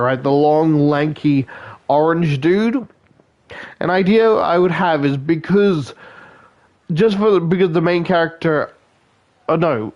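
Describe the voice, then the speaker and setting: Young man, tired, loopy, rambling casual chat, self-deprecating, filler-heavy, a bit high-pitched. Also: dull audio. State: tired and loopy late at night. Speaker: gaming video creator.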